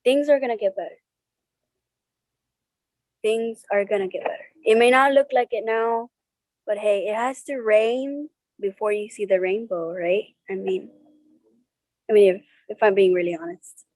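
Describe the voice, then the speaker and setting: A woman speaking as an interview guest over a video call, slow and halting, getting tearful at times. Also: medium pitch, fairly even intonation, darkish tone, no echo, rough recording.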